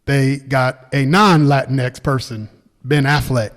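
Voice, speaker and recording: A man co-hosting a podcast in casual chat, laughing often and pausing with ums. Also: medium pitch, steady tone, long reverb tail. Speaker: podcast co-host.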